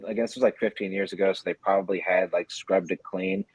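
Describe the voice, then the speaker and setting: A man's voice: deep voice, big pitch swings, fast, vocal fry, slightly rough, dry recording, low-quality recording. A man talking casually on a podcast, hesitant and full of fillers. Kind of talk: casual chat.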